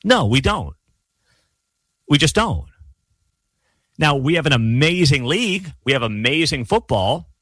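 A man's voice: fairly high pitch, sing-song, measured pace, long pauses, a bit bright, dry recording. A man hosting his own sports commentary show, ranting emphatically with a sarcastic edge. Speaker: sports talk host. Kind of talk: opinionated solo commentary.

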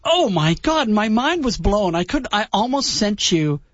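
A man's voice: high voice, very animated, measured pace. A male host chats eagerly and cracks jokes as he sets up segments. The sound is dry and close, with no room echo. The band is slightly dull. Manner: enthusiastic, joking. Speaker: radio show host. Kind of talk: casual chat.

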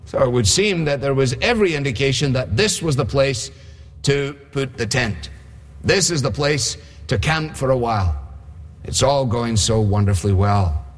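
A man's voice: mid-range voice, moderate pace. A male preacher giving a sermon in a conversational way, often asking his listeners rhetorical questions. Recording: long hall reverb.

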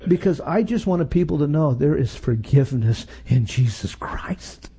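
A man in his sixties preaching a sermon, telling personal stories that swing from loud and high to low and hushed. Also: lively intonation, moderate pace, breathy edge.

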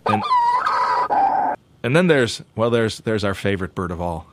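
A man hosting a show segment, joking playfully and talking in a loose, animated way with many restarts and asides. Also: fairly low pitch, moderate pace, heavy background noise. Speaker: show host.

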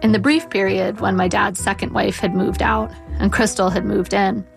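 Woman author in her forties, gravelly, measured and wry first-person essay reading. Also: mid-range voice.

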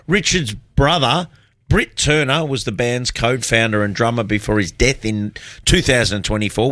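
Australian man, community radio host, chatty and rambling, bright forceful tone, dry studio sound. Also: mid-range voice, dry recording. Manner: rambling, self-deprecating, chatty. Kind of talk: casual radio chat.

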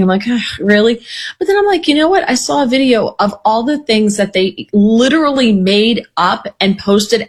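A woman political commentator in casual chat, opinionated and animated with quick asides. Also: medium pitch.

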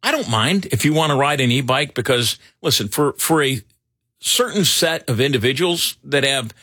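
A middle-aged man hosts in loose, joking banter and meanders through his stories with plenty of "uh"s. His voice is bright and a bit husky, and his pitch swings around a lot. He sounds close and dry, with faint music underneath. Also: animated, normal speed, no echo. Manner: rambling, jokey, full of fillers. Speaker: radio show host. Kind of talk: casual banter.

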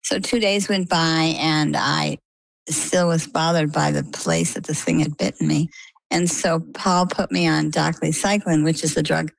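A middle-aged woman with a low, gravelly voice, telling her story as an interview guest. She is a lively storyteller who plays out the dialogue. The sound is close and dry. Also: measured pace, no echo, low-quality recording. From Maine, US.

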